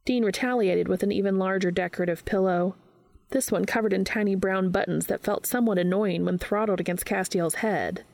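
A woman reading fan fiction aloud in a steady, even narrating voice. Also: medium pitch, a little fast, gravelly, no echo.

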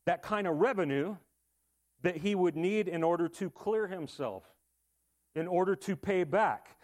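Casual-talking man preaching, slightly high voice. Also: a little mellow. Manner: casual, conversational preaching with asides and rhetorical questions. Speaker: pastor. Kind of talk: sermon.

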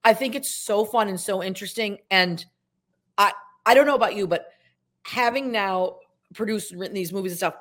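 A woman in her sixties from upstate New York, a guest actress telling stories in a chatty, animated way on a podcast. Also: mid-range voice, fairly quick. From Syracuse, New York. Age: 60s. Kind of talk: casual podcast chat.

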